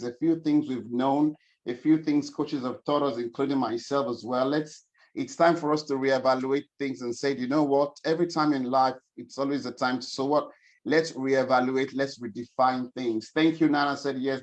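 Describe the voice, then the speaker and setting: A man's voice: mid-range voice, lo-fi sound. Upbeat man hosting a webinar. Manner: upbeat, chatty, greets attendees by name. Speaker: financial coach hosting a webinar. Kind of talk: casual online webinar hosting. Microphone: video call.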